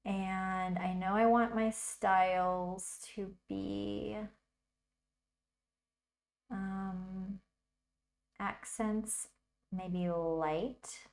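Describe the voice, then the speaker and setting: A woman's voice: mid-range voice, steady tone, extremely slow, long pauses. A woman hosting a casual livestream tutorial, chatting and thinking aloud as she works. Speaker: tutorial host.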